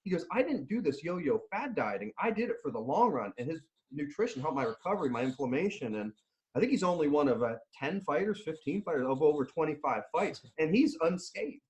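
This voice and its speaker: A slightly high, brisk male voice belongs to a middle-aged nutrition and strength coach. He tells stories animatedly in a casual interview, laughing and restarting many times.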